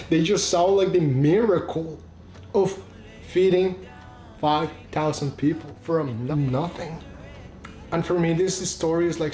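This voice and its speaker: A man's voice: on the high side, darkish tone, echoey room. A man casually retelling a Bible passage and giving a short devotional, speaking informally and using "like" often, with non-native phrasing.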